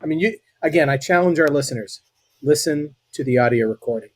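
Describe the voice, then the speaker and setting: An American man in middle age talks with earnest passion on a podcast. His voice is husky and the sound is dry and close, with little room echo. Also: fairly high pitch, fairly quick. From United States. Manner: earnest, impassioned, with frequent restarts. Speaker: podcast guest. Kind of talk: political commentary in a podcast conversation.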